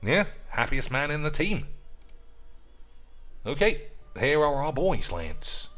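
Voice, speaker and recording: A man's voice: fairly high pitch, big pitch swings, takes it slowly, fairly bright tone. A man giving casual, crude and sarcastic gameplay commentary, swearing freely. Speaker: gaming video host.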